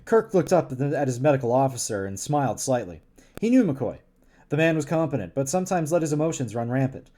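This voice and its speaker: A man's voice: mid-range voice, very animated, fast, mellow. Male streamer, casual read-aloud, giggly, trips over words. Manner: giggly, stumbles and restarts often. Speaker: streamer reading a novel aloud.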